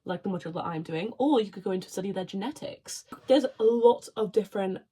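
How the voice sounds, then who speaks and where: A young woman from Wales talks to camera in a casual get-to-know-me style. She is bubbly and chatty, wandering into quick asides as she goes. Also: mid-range voice, mellow, breathy edge. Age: young adult. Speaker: vlogger, marine biology student.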